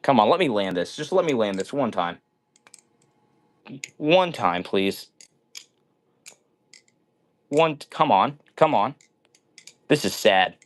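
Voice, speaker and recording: A man's voice: medium pitch, sing-song, takes it slowly, pauses often. A man hosting a casual live stream, reading viewers' comments aloud and answering them in an upbeat way. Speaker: livestream host.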